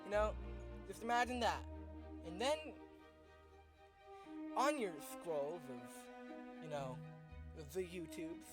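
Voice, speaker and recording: A man hosting a comedy vlog, ranting in an exasperated, sarcastic way and breaking into shouts. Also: sits high, big pitch swings, slow pace, pauses often, music in the background. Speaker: host.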